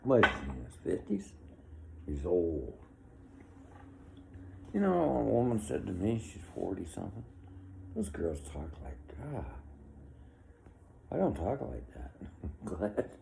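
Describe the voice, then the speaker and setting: Gravelly-voiced man in his sixties ranting. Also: low voice, wildly swooping pitch, measured pace, long pauses, a little hiss or hum. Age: 60s. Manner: ranting, opinionated, chuckling. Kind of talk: rambling monologue.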